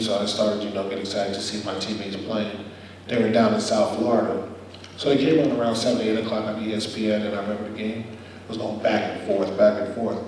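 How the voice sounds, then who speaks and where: A young man giving a guest speech, telling a personal story with animated, acted-out quotes. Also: fairly low pitch, a little hiss or hum. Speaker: guest speaker. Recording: echoey hall from far off.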